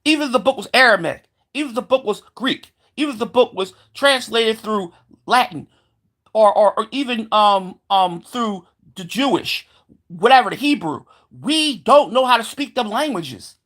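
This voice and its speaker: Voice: medium pitch, animated, moderate pace, fairly bright tone. A vlogger in a heated, profane rant, sarcastic and mocking, often stumbling over repeated words. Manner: heated, sarcastic, swears constantly; mocking voices of believers. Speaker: solo vlogger.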